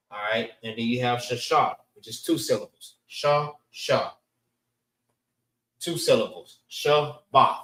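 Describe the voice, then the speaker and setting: A man's voice: medium pitch, roomy sound, recorded from a distance. A man teaching a language class, patiently breaking words into syllables for his students. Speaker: class instructor.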